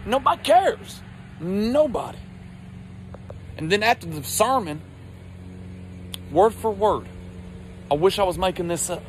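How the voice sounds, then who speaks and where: A man telling a crude comic story in a brash, profane, excited way. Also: high voice, moderate pace, long pauses, a little hiss or hum. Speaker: comedian.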